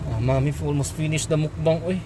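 Family vlogger, higher male voice, slow halting narration, noisy outdoor phone recording. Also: fairly even intonation. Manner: slow, halting commentary with restarts. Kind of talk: casual family vlog narration. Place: outdoors by a car in the rain.

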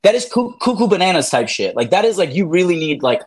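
A man's voice: high voice, big pitch swings, fast talker. A man in his thirties, an interview guest, talking in a rambling, profane way, full of fillers and acted-out quotes. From raised by immigrant parents. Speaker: interview guest, former reality show contestant. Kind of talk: casual interview chat.

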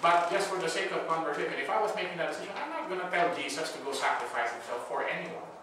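A man's voice: fairly high pitch, animated, quick pace. Man lecturing in an echoey room. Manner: conversational, asks the class "right?" often, acts out scenarios. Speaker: Bible school lecturer. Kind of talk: casual classroom lecture. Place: church classroom. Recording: echoey room, far mic, background noise.

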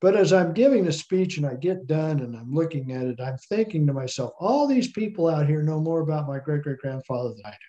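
Middle-aged male interview guest, lively storyteller, warm dark tone, slightly dull recording. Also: a little high, fairly quick, few pauses. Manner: animated anecdotal storyteller.

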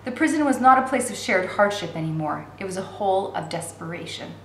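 Woman, teacher, read-aloud narration, expressive, echoey room. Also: mid-range voice, a little fast, a little hiss or hum. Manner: steady, expressive reading. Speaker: teacher reading a novel aloud.

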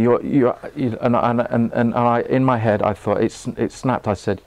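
A man's voice: medium pitch, steady tone, dry recording. Earnest man teaching a group. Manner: earnest, halting with many restarts, laughs often. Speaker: meditation teacher. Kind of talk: live talk to a group. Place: room with an audience.

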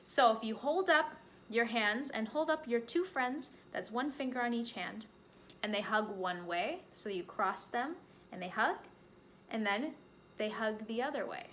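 A woman librarian leading a children's storytime, teaching signs and praising along the way with gentle encouragement. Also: on the high side, animated, a little slow, a little hiss or hum. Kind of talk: children's storytime with sign language.

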